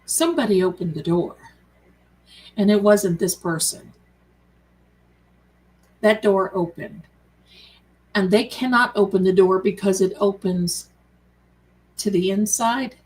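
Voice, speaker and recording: A woman's voice: mid-range voice, fairly even intonation, takes it slowly, long pauses, a little mellow, rough recording. A woman hosting a tarot live stream, chatting casually and affectionately with viewers she calls her darlings. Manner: chatty and rambling, reads out viewer comments.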